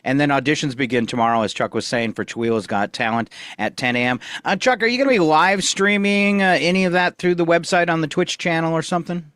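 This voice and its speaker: A man's voice: fairly high pitch, quick pace, few pauses, fairly bright tone, no room sound. A man hosting a morning radio show, reading news and weather in an easygoing way at a studio microphone. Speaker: radio host.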